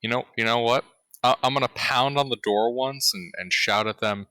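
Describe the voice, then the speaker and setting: Bright-voiced male player, playful. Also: medium pitch, moderate pace, clear, resonant tone, dry recording. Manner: playful, hesitant, restarting words. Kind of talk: casual tabletop play.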